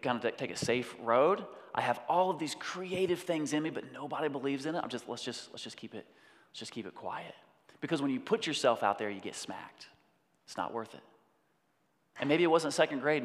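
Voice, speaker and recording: A man preaching a sermon in an animated way, breaking off to act out voices. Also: medium pitch. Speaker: pastor. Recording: long hall reverb.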